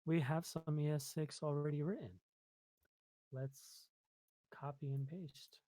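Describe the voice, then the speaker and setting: A man hosts a casual screen-recorded coding tutorial, thinking aloud as he types, with plenty of ums and self-deprecating asides. His voice sits on the high side, slow and mellow with fairly even intonation, and there is no echo.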